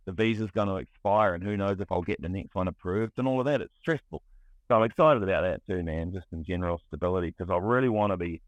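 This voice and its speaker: Low-voiced New man, candid. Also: no echo. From New Zealand. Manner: candid, restless, heavy on fillers and restarts. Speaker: guest, music producer. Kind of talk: casual podcast conversation.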